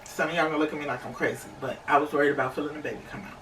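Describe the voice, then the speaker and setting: A woman's voice: low voice, steady tone, rapid-fire, fairly bright tone, slight background noise. A young adult woman casually telling a personal story to her viewers, chatty, with many fillers. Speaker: vlogger. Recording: echoey room, slightly distant mic.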